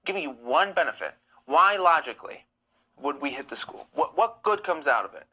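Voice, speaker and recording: A man's voice: on the high side, lively intonation, moderate pace, sharp tone, low-quality recording. A man hosting a live stream, reading chat comments aloud and answering them bluntly. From United States. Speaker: livestream host.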